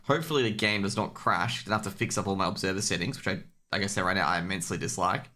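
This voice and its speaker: A man's voice: low-pitched, very fast, bright, forceful tone. An Australian man casting an esports match on his own stream, chatty, rambling and jokey. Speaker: esports caster. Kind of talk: casual solo stream commentary.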